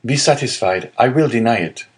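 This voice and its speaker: A man's voice: mid-range voice, expressive, normal speed, voice pushed up, close to an everyday voice. A man voicing an innocent young male prisoner who pleads earnestly. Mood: pleading.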